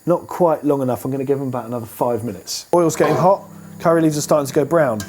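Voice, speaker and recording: A man's voice: mid-range voice, quick pace, darkish tone. A man hosting a cooking video, talking casually and playfully while he cooks in a home kitchen. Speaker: cooking show host. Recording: clear frying noise behind voice. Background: frying and sizzling pan sounds.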